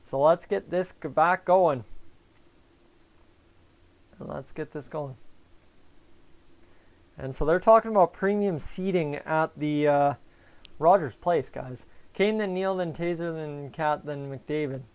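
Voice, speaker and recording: A man's voice: on the high side, slow pace, long pauses, a little mellow, clean tone. A young man hosting a live fan stream, chatting casually about the game and answering viewers by name over a headset mic. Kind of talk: casual fan commentary and chat replies.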